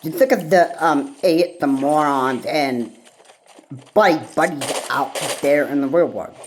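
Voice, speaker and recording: A woman vlogger in a rambling solo rant, halting and repetitive, with frequent pauses and fillers. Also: low voice, slight background noise, poor audio.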